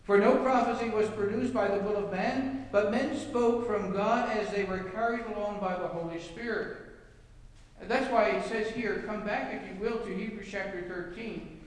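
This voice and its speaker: A man's voice: sits high, moderate pace. A man preaching a sermon as a pastor, earnest and emphatic, often repeating and restarting his phrases. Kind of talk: sermon with opening prayer. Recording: echoey hall from far off.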